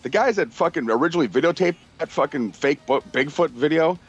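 A man's voice: a little high, animated, fairly quick, hardly any pauses, breathy edge, dull audio, soft background music. A man telling rambling stories in casual chat, swearing often and acting out quotes, tired from little sleep. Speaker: podcast regular.

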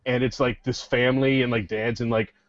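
A man co-hosting a podcast, telling a story in a halting way with many fillers. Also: medium pitch, level tone, no room sound. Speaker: podcast co-host. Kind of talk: casual chat. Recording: dull lo-fi sound.

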